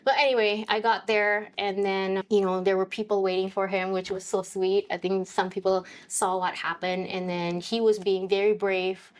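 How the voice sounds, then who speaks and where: A woman speaking in a thoughtful, conversational way on a podcast. She often restarts her sentences and slips into lively quoted speech while recounting a family moment, at an ordinary pitch for a woman. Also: moderate pace, hardly any pauses. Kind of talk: reflective personal conversation.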